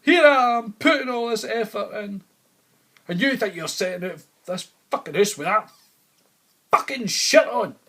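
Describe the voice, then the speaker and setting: A man putting on the voice of his indignant, tearful wife during a comedy routine, loud and shrill. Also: fairly even intonation, a little fast, gravelly, few pauses. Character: angry, tearful wife, middle-aged woman.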